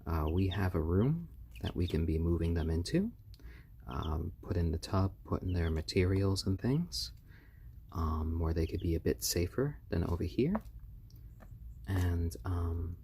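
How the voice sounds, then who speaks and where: A man hosting a casual live stream, talking softly and fondly to baby chicks, with relaxed, halting speech full of fillers. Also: deep voice, creaky, husky. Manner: soft, fond cooing to baby birds. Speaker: live-stream host showing pet chicks.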